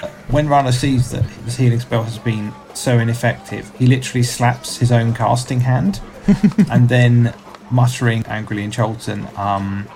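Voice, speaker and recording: A man's voice: mid-range voice, moderate pace, a little mellow, faint music behind, low-quality recording. A man playing a tabletop game, wryly describing what his character does. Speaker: player. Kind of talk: casual play at a tabletop game.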